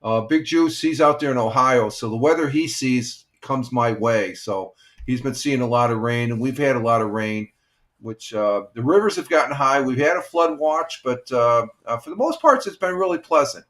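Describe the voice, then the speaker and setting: A man in his sixties with a mid-range, fairly bright voice talks at a normal speed. He's a retired firefighter running an easygoing morning live stream, rambling with viewers and using many fillers.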